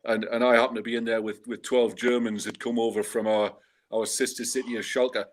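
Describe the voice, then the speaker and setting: A man's voice: mid-range voice, little pitch movement, a little fast. Chatty man telling a wry story. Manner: chatty, digressive, wry humour. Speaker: guest fan and food bank organizer. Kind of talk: casual anecdotal storytelling.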